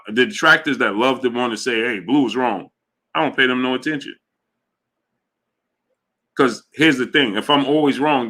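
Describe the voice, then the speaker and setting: A man hosts a boxing livestream and answers his chat in a loose, casual way. His voice is bright and forceful, and his delivery is animated and emphatic. He often repeats his points for weight. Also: mid-range voice. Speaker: boxing show host.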